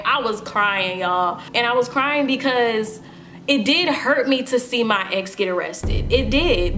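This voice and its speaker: A woman's voice: fairly high pitch, sharp tone. A young woman telling a personal story to her viewers in a casual, emphatic storytime vlog. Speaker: vlogger.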